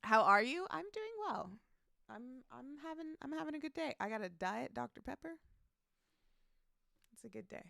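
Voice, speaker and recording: A woman's voice: high-pitched, expressive, normal speed, vocal fry, pauses often, pushed and bright, dry recording, studio quality. A woman streaming live, chatting casually, reading out chat messages and greeting viewers by name, laughing often.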